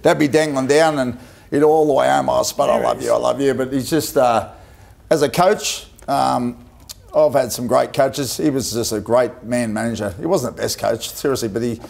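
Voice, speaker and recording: A middle-aged Australian man with a creaky, gravelly voice tells stories from his playing days. He is emotional but colloquial, full of "mate" and laughter. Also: mid-range voice, normal speed, a little mellow. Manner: emotional, colloquial yarn-spinning. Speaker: former player, guest. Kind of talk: TV panel anecdote.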